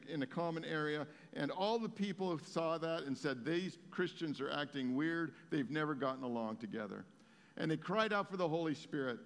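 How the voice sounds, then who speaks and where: Male pastor, slightly high voice, conversational storytelling sermon in a reverberant hall. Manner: storytelling, conversational with many fillers and restarts.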